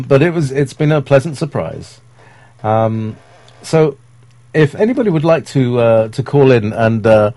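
A man's voice: mid-range voice, a little mellow, no echo. A man hosting a casual call-in stream, talking in a rambling, hesitant way with many fillers and chuckles. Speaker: show host. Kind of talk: casual live-stream talk.

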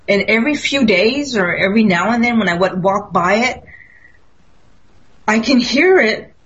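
A woman in casual spiritual conversation, speaking earnestly and acting out the voices in her own stories. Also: a little high. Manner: earnest, storytelling, acts out quotes. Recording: dull lo-fi audio.

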